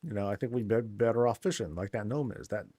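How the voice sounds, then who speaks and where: A man's voice: lowish voice, fast talker, warm tone, slightly rough, dry recording. A man hosting a casual game tour, laid-back and joking, with lots of slang. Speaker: game channel host.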